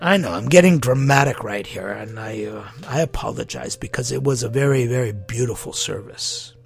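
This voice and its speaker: A man preaching a sermon as pastor, impassioned and full of rhetorical questions, swinging between loud appeals and hushed lines. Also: mid-range voice, normal speed, creaky, faint music behind.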